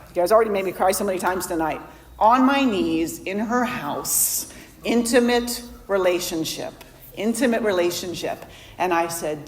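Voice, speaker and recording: A woman's voice: medium pitch, moderate pace, slight background noise. Candid woman sharing at a meeting hall. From Florida. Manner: candid, self-deprecating storytelling with quoted dialogue. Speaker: AA speaker. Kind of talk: recovery meeting share. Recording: echoey hall recording.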